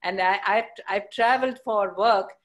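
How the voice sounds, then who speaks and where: A middle-aged woman in fitness, answering interview questions thoughtfully with many pauses and fillers. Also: mid-range voice. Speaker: fitness professional guest.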